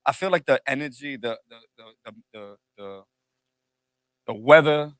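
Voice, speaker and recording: Podcast dude hyped about a trip, bright voice, dry sound, slangy. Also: male voice, mid-range voice, normal speed, smooth, no room sound. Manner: excited, laughing, slangy. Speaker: podcast co-host. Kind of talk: casual chat.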